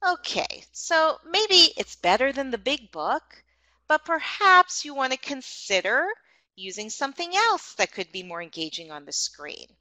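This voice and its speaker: A woman's voice: sits high, sing-song, unhurried, pushed and bright, dry recording, low-quality recording. A woman demonstrating online teaching ideas for English teachers, explaining in an encouraging tone.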